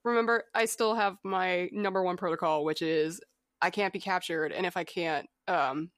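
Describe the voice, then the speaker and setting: A woman voicing an earnest male droid nurse who recites his rules in a flat, dutiful way, in a casual podcast retelling. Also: on the low side, moderate pace, dry recording, clean studio sound, natural voice.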